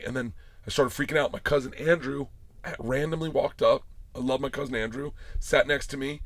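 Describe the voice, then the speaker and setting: A man's voice: medium pitch, fast, no echo. A man in his forties telling a wild story in casual podcast chat, swearing freely and acting out the quotes. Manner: animated storyteller, swears often, acts out quotes. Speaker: podcast guest.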